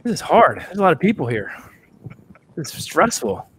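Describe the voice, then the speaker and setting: A man's voice: a little high, big pitch swings, brisk, fairly bright tone, a little hiss or hum. A man co-hosting a casual livestream, joking and a bit flustered as he reads viewer names off a list. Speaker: co-host.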